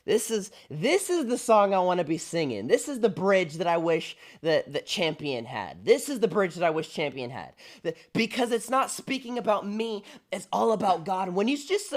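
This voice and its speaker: A young adult man, a pastor, giving an enthusiastic, declaring commentary as he reacts to a worship song, repeating his points for emphasis. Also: sits high.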